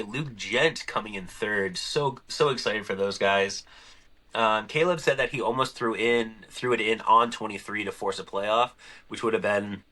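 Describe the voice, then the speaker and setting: A man hosting a podcast, telling stories in a loose, chatty way and acting out the conversations. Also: on the low side. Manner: animated storyteller acting out conversations. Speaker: podcast host. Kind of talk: casual podcast chat.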